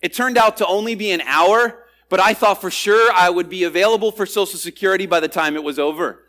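A male pastor delivers a sermon with an expressive, high-pitched voice. He swings between hushed asides to the congregation and bursts of loud emphasis. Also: a little fast.

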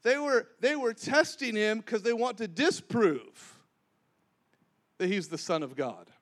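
A man preaching a sermon, animated, acting out the dialogue of scripture and calling on the congregation to repeat words back. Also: sits high, a little slow.

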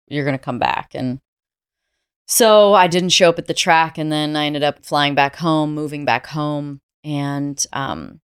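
A woman from the United States talks as an interview guest, recounting her experiences in a candid, reflective way. Her voice is low and smooth, and it sounds dry and close with no room echo. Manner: reflective, candid, laughs easily. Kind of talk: conversational storytelling.

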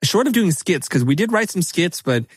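Energetic, emphatic middle-aged man. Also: high-pitched, moderate pace, husky, no echo. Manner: energetic and emphatic, drops into quoted asides. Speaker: podcast guest. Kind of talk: animated conversational podcast talk.

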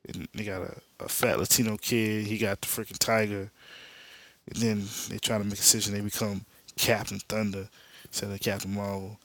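Podcast host, man, deep gravelly voice, slangy laid-back comic recap. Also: little pitch movement, fairly quick, a bit bright, no room sound. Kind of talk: casual comic-book recap.

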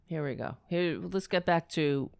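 A woman's voice: deep voice, a little slow, creaky, a little mellow, clear, resonant tone, dry recording, studio quality. A woman giving solo commentary, indignant and incredulous, firing rhetorical questions and letting her voice jump up when outraged. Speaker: political commentator.

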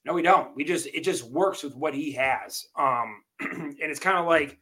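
A man co-hosting a casual sports podcast, rambling through game stats with fillers and a phlegmy, throat-clearing voice. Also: on the high side, measured pace, bright, forceful tone. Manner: rambling, restarts and fillers, stat-heavy. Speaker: co-host, Chiefs fan.

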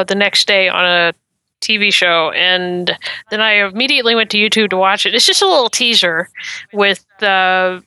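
A woman co-hosting a casual movie news podcast, telling stories in an animated way and laughing easily. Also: medium pitch, clean tone, no room sound, rough recording. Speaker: podcast co-host. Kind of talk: casual chat.

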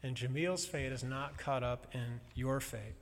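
A man preaching a sermon to a congregation, earnest and building to loud emphasis. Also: mid-range voice, a little slow, slight background noise. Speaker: pastor. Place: church sanctuary. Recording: long reverb of a large hall.

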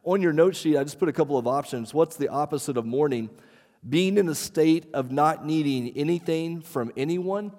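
A man's voice: a little high, moderate pace, mellow. A man in his thirties preaching a sermon as pastor, conversational and self-deprecating, with frequent fillers. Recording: reverberant hall.

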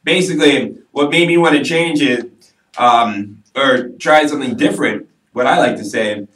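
A man speaking as a podcast guest, candid and joking and quick to mock himself. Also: on the high side, fairly bright tone. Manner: candid, joking, self-mocking. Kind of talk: casual podcast chat. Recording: roomy, mic at a distance.

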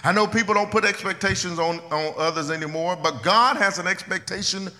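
Bright-voiced preacher man in a reverberant hall. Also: high-pitched, brisk. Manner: conversational preaching, repeats phrases, swings loud and soft. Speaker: pastor. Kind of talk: sermon.

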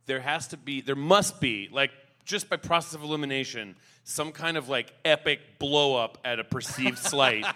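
A man guesting on a live comedy podcast, riffing with sudden shouted bits. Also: mid-range voice, moderate pace, hardly any pauses.

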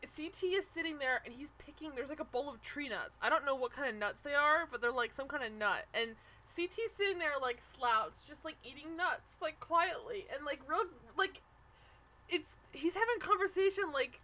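A young woman talks through a reality show scene in loose, animated chat, peppered with "like" and quick restarts. Her voice sits high and bright, and it swings a lot as she gets excited. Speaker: podcast co-host.

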